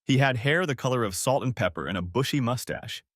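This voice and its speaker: A man reading a first-person story aloud in a dramatic, expressive way. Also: mid-range voice, fairly quick, no room sound, clean studio sound. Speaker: story narrator.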